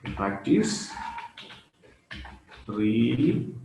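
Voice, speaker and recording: Guy teaching a grammar lesson online, really slow, says stuff twice, roomy echo. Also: mid-range voice, very animated, vocal fry, darkish tone. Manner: slow and repetitive, repeating key phrases with pauses. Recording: roomy echo with faint noise.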